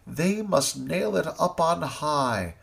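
Brief: male storyteller, rhyming verse, slow and gravelly, theatrical. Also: on the high side, lively intonation, a bit bright. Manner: sing-song, theatrical. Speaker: narrator.

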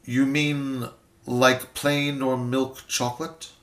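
A man voicing a curt, impersonal landlady on the phone, with sharp, clipped questions. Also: mid-range voice, flat delivery, slow pace, distant mic, pitched above the performer's own voice, natural voice. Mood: probing. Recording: roomy echo.

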